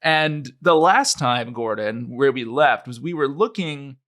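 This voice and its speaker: Bright-voiced male podcast co-host. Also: mid-range voice, expressive, unhurried. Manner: rambling, self-mocking, with frequent laughs. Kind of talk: casual podcast chat.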